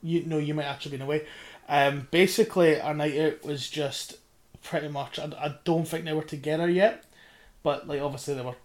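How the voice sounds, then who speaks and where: A man's voice: fairly high pitch, steady tone, brisk. Chatty young man hosting a podcast. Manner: chatty and swearing, laughs often. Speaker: podcast host. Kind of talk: casual chat between friends.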